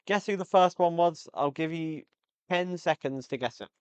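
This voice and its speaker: A man's voice: fairly high pitch, normal speed, a little mellow, smooth, no echo. A man hosting a casual football podcast, rambling and joking, easily sidetracked into tangents. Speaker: podcast host. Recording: slightly dull lo-fi audio.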